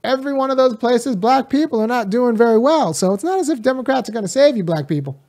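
A college teacher from California speaks directly to his viewers in a casual, unscripted political video monologue, passionately pressing his points at his own pace and drifting into rambling asides. His voice is extremely high-pitched with lively intonation, a quick pace and a darkish tone.

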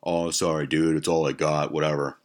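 A man's voice: very deep voice, little pitch movement, a little fast. A man voicing his careless, dismissive stoner buddy in a retold story. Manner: shrugging, dismissive, profane. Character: careless stoner male buddy, young adult.

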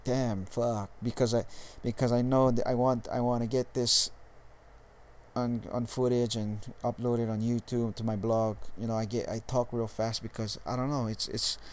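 A young man from Hawaii who speaks with a Californian accent, talking to the camera in a casual vlog. His voice sits at an ordinary middle pitch, and he is laid-back and profane, stalling and restarting his sentences as he goes. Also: little pitch movement, normal speed, a little mellow. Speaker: dating coach vlogger.

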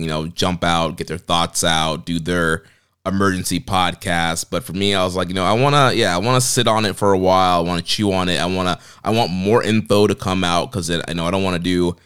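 A man co-hosting a podcast in relaxed, loose casual chat with plenty of fillers. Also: sits low, fairly quick, clear, resonant tone. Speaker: podcast co-host.

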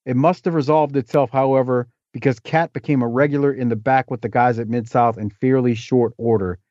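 A man chats as a guest on a podcast, rolling from one story to the next with jokey asides. His voice sits at an ordinary pitch. The audio is dry and slightly dull, like lo-fi podcast sound. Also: fairly even intonation, a little fast, a little mellow, no room sound. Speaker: podcast guest, wrestling historian. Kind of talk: casual interview chat.

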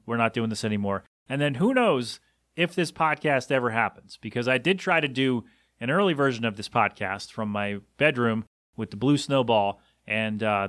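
A man's voice: mid-range voice, a bit bright, no echo, clean studio sound. A man in his thirties hosting his own podcast, rambling through a story in a loose, self-deprecating way with lots of fillers. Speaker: podcast host and radio host. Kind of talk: casual solo podcast rambling.

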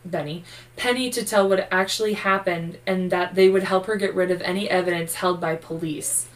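A woman's voice: lowish voice, fairly even intonation, moderate pace, distant mic, poor audio. A sleepy woman co-hosting a true-crime podcast, narrating the case casually with swearing and jokes. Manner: profane, loose and joking while reading case notes. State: sleepy, yawning. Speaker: podcast co-host.

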